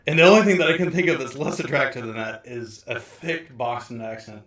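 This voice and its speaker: Rambling podcast host, middle pitch. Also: male voice, brisk, fairly bright tone. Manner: rambling, frequent restarts and laughter. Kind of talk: casual chat.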